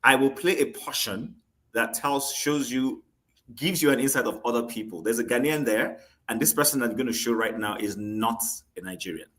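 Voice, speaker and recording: A man's voice: mid-range voice, moderate pace, a bit bright. A man hosting a panel talk show, moderating with many ums and conciliatory asides. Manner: hesitant, full of ums, conciliatory.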